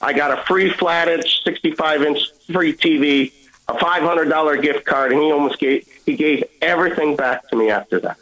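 A man speaks as a guest on a radio broadcast, telling a personal story in an earnest way. He acts out the lines of the people in it, and his voice sits a little high for a man. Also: moderate pace, fairly bright tone, low-quality recording. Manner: earnest storytelling, acting out dialogue. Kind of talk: personal testimony.

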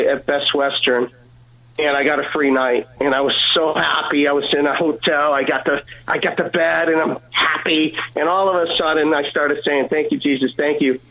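A man speaks as a guest on a radio broadcast, telling a personal story in an earnest way. He acts out the lines of the people in it, and his voice sits a little high for a man. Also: sharp tone, poor audio. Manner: earnest storytelling, acting out dialogue. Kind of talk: personal testimony.

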